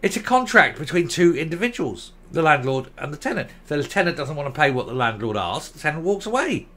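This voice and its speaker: A man's voice: fairly high pitch, sing-song, brisk, sharp tone. A man giving ranting commentary, blunt, sarcastic and combative.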